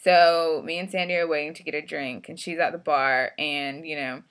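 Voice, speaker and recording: A woman's voice: low-pitched, steady tone, moderate pace, a bit bright, smooth. A woman vlogger telling a story in a casual, blunt, profane and frustrated way.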